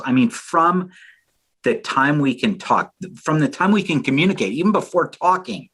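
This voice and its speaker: A man's voice: medium pitch, breathy edge. Podcast host, man, casual and eager, ordinary mid-range voice. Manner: thinks aloud with fillers, enthusiastic agreement. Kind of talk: casual interview talk.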